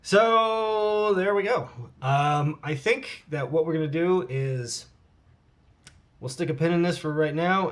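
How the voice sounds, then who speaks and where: A man in his forties reading out and answering fan questions in a casual vlog, relaxed and swearing freely. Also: a little high.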